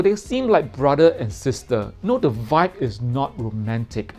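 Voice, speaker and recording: A man's voice: medium pitch, sing-song, unhurried, darkish tone, faint music behind. A man giving a casual spoken film review in a playful way, repeating words for comic effect.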